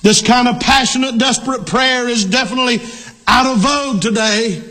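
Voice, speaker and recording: A middle-aged male pastor preaching a sermon, emphatic, repeating key lines and rising to shouts. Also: very high-pitched, normal speed.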